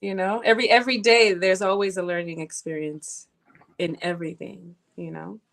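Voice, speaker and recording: A woman's voice: on the low side, steady tone, moderate pace, gravelly. A young adult woman from Nigeria, a podcast guest talking casually and reflectively. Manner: reflective, leans on "you know what I'm saying".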